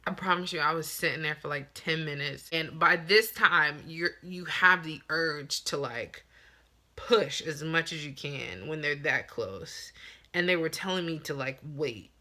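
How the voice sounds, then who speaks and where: In an unhurried, deep voice, a young woman vlogger tells the camera a personal anecdote in a chatty, animated way, acting out what different people said.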